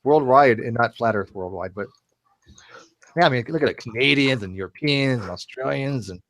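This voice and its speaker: A man's voice: medium pitch, animated, a bit bright. A man rambling and repeating himself in a casual group video chat. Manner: rambling, fast, repeats words.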